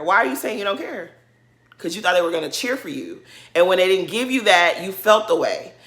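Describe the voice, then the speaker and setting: A woman who vlogs commentary on reality TV gives a casual, indignant rant, driving points home by saying them again and mimicking quotes mockingly. Her voice is fairly low and a bit bright, expressive and a little fast.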